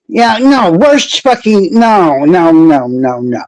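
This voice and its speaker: A man's voice: high-pitched, big pitch swings, takes it slowly, few pauses, no echo, rough recording. A man talking casually and sarcastically to viewers on a live stream, rambling and cursing. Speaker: true crime streamer.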